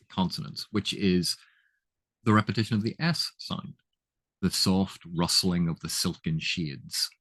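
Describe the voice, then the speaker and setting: A man giving a chatty, casual lesson on literary terms, laughing at his own examples and often restarting his sentences. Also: deep voice. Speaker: literature educator.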